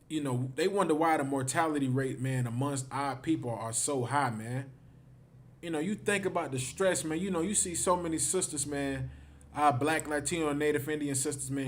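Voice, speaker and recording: A man with a somewhat high-pitched voice leads a livestreamed scripture class. He talks emphatically, circling back over the same points and tagging phrase after phrase with "man". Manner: emphatic, repeats himself, ends phrases with "man". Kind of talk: livestreamed teaching.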